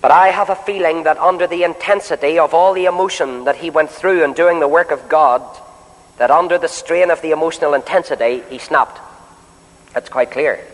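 A man preaching a sermon in a meeting hall, swinging between loud, drawn-out declarations and soft, pleading questions aimed straight at the listeners. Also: on the high side. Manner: addresses listeners directly with questions. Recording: long hall reverb.

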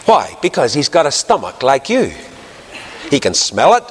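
A man's voice: mid-range voice, huge pitch swings, moderate pace, a little hiss or hum. A man with a Northern Irish accent preaching a sermon to a live audience, telling anecdotes and asking rhetorical questions. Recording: long hall reverb.

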